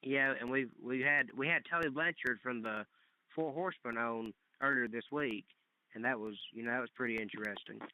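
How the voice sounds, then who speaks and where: A man hosting a wrestling talk show, asking questions in a halting way with many fillers. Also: mid-range voice, clear, resonant tone, phone-quality sound. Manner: hesitant, many fillers and restarts. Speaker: podcast host. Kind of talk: casual interview chat.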